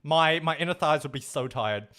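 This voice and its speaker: A man's voice: fairly high pitch, normal speed, a bit bright. A man chatting casually on a livestream, swearing freely and dropping in Japanese phrases.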